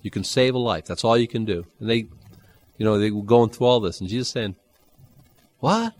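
A man preaching a Bible-teaching sermon, conversational and animated, with dry humor and sudden jumps in pitch. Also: fast talker. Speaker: pastor.

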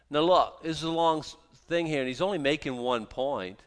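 A man's voice: on the high side, moderate pace. A man preaching a casual, conversational Bible sermon, folksy and self-deprecating, often restarting his sentences. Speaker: pastor.

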